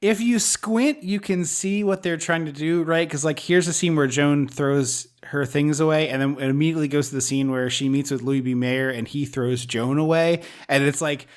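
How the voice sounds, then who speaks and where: Animated, rambling man discussing a film. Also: fairly high pitch, moderate pace, hardly any pauses. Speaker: podcast co-host. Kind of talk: casual movie discussion.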